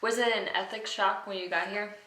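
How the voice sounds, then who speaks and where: A woman's voice: mid-range voice, fairly even intonation, fairly quick, bright, forceful tone, slight background noise. A woman interviewing casually, asking short, curious questions. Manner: curious, brief prompts. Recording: echoey room.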